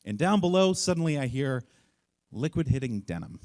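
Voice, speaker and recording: Animated male storyteller on stage. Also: moderate pace. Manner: animated, self-mocking, acts out voices with big jumps in pitch. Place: live event stage.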